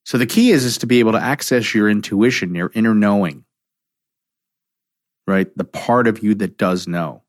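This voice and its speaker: Low-voiced man explaining emotional triggers. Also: normal speed, long pauses, no room sound, clean studio sound. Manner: animated storyteller, acts out quoted dialogue. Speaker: counselor. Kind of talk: reflective talk on emotional triggers.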